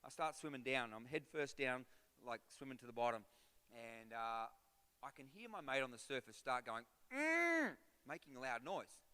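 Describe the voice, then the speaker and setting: Bright-voiced pastor preaching in a hall. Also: male voice, mid-range voice, normal speed, clean tone. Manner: animated storytelling, builds to loud rhythmic exhortation. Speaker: guest pastor. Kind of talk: sermon with storytelling. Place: church auditorium. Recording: reverberant church hall.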